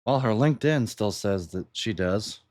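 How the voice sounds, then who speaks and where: A man's voice: lowish voice, moderate pace, no room sound. A man chatting casually on a livestream, rambling and chuckling between thoughts. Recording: steady background noise.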